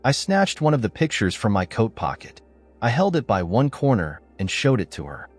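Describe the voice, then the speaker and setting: A man's voice: medium pitch, wildly swooping pitch, normal speed, soft background music. A man narrating a first-person story, voicing the betrayed husband in a blunt, angry, sarcastic manner.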